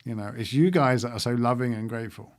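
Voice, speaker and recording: A man's voice: mid-range voice, fast. A man hosting a livestream, talking casually and reflectively to his viewers and laughing often. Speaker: livestream host.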